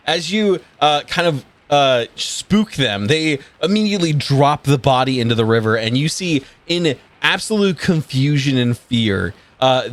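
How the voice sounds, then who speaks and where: A man running a tabletop game as game master. He narrates casually and fills his pauses with plenty of "uh"s. His voice sits at an ordinary pitch. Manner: casual, filler-heavy narration.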